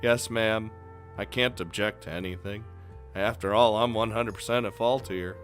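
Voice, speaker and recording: A man's voice: fairly low pitch, steady tone, moderate pace, fairly bright tone, soft background music. Casual joking young man gaming. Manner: casual, joking, rambling asides. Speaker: let's play host. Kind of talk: gameplay commentary and reading.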